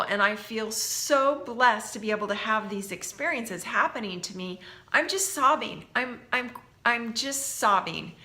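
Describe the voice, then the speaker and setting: A woman recounts a personal experience as a testimony, speaking slowly and with care. Her voice is bright and forward. She is earnest, and soft laughs slip in between her thoughts. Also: mid-range voice. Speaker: workshop participant sharing a testimony.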